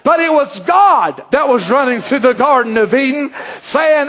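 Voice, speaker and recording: A man preaching a fervent sermon, often rising to shouts. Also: very high voice, lively intonation, unhurried.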